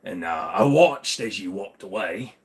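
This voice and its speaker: A man's voice: low-pitched, expressive, unhurried, voice pushed down. An American man doing a put-on Cockney accent as a shady, chummy pub-goer.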